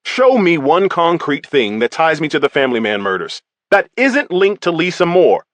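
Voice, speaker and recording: A man's voice: on the high side, very animated, normal speed, a bit bright, dry recording, voice pushed up. A man voicing a smug male crime writer suspected of murder, sneering and snarling his denials.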